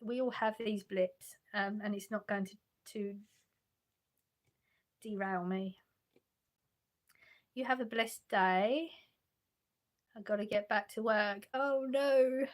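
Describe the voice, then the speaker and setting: A woman with a medium-pitched voice speaks slowly, pausing often. She's hosting a casual livestream from her sofa at home, reading viewers' messages aloud and answering them, laughing a lot and frequently restarting.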